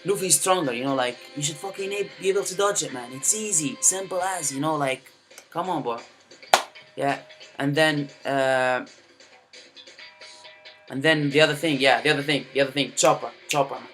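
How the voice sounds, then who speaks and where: A man's voice: fairly high pitch, normal speed, a bit bright, faint music behind. A young man ranting casually about an anime, swearing a lot and filling his talk with "you know" and "man". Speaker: anime fan commentator. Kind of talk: casual rant to camera.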